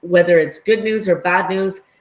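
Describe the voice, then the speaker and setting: Earnest low-voiced woman in an echoey room. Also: steady tone, normal speed. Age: 50s. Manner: earnest and emotional, speaks of passion and gratitude. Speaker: guest. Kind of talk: casual chat.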